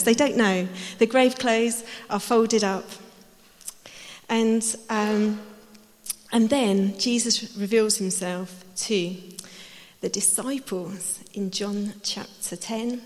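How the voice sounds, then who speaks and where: Woman, sermon, lively storytelling, hall reverb. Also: mid-range voice. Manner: lively storytelling, acting out voices. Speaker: preacher.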